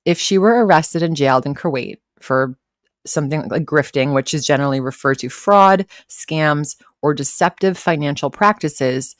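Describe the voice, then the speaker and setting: A woman with a low voice chats casually on her live stream, rambling between posts and greeting viewers by name. Her voice is recorded close and dry, with no room sound around it. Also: dry recording. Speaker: livestream host reacting to commentary.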